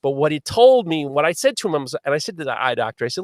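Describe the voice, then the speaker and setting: A man hosting a live podcast, telling a long story in a lively, swearing manner. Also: fairly high pitch, racing, dry recording, clean studio sound. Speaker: podcast host.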